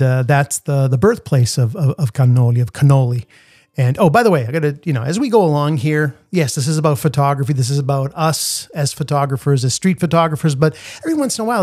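Middle-aged Boston man hosting a podcast, animated and rambling, voice sits a touch high. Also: no echo, clean studio sound. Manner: rambling, animated, with frequent fillers and restarts. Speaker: podcast host, street photographer. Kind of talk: casual storytelling monologue.

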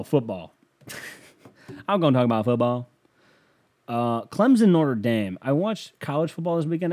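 Comedic podcast host, lively up-and-down delivery, rambling and profane. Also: male voice, on the low side. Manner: swears often, laughs at own jokes, rambling. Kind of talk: casual comedic monologue.

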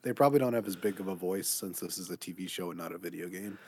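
A man's voice: sits low, fast, a little mellow, breathy edge, dry recording. A man co-hosting a podcast in casual chat, making wry, dry asides. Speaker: podcast co-host.

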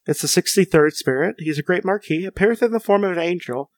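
Excited rambling young man, dry sound. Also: high-pitched, fast, no echo. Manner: enthusiastic, rambling with many restarts. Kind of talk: casual chat.

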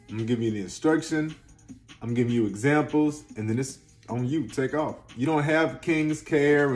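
With a mid-range voice, this man delivers motivational talk straight to camera as a self-help vlogger. His style is slangy, emphatic, and high-energy, shifting from loud to soft, and he sometimes sounds on the verge of crying.

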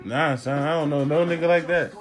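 A man's voice: on the high side, fairly quick, faint music behind. A young man with a New Jersey accent co-hosting a podcast, arguing brashly and swearing. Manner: brash, argumentative, swears a lot. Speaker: podcast co-host. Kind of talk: casual banter.

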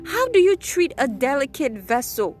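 A woman preaching an emphatic sermon in a high, ringing voice. She punctuates her points with repeated praise phrases. Soft music plays faintly underneath. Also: big pitch swings, normal speed.

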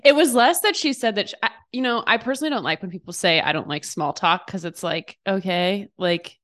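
A woman's voice: medium pitch, fairly quick, fairly bright tone. A woman co-hosting a podcast in casual chat, talking with lots of fillers and restarts. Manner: chatty, many fillers and restarts. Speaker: podcast co-host.

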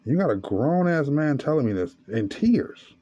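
Podcast host, male, raspy-free but dark tone, swears freely, slightly high voice, muffled recording. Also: sing-song, moderate pace. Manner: profane, storytelling, rising to angry rant. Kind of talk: casual monologue.

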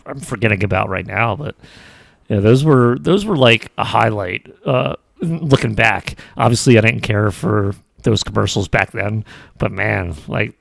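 A man co-hosting a podcast in relaxed, rambling casual chat. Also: lowish voice, measured pace, creaky, no echo. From Philadelphia area. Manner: relaxed, rambling, many fillers. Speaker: podcast co-host.

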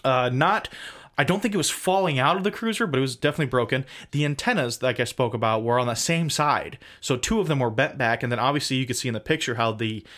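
A man co-hosting a casual podcast livestream, rambling through details with self-deprecating asides and quick jokes. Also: medium pitch, fairly bright tone. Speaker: podcast co-host.

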